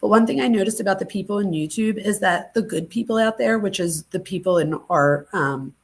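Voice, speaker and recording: A woman chats casually on her channel's live stream, thanking her viewers with emotional gratitude. Her voice has a gravelly fry at mid pitch, and she sounds teary, close to crying. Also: a little fast. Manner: gushing, thankful, easily moved. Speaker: true crime channel host. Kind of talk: casual livestream chat.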